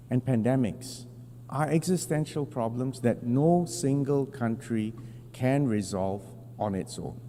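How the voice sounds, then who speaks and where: A man delivering a formal prepared speech as a government delegate at a large assembly, measured and emphatic with deliberate pauses. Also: fairly low pitch, dark tone, big-room sound, a little hiss or hum.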